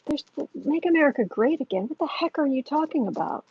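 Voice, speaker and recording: A woman's voice: high-pitched, animated, brisk. A woman hosting a tarot livestream, chatting earnestly with viewers in a rambling way, with many restarts. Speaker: tarot reader and livestream host. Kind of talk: casual livestream chat, reading viewer comments. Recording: dull lo-fi sound.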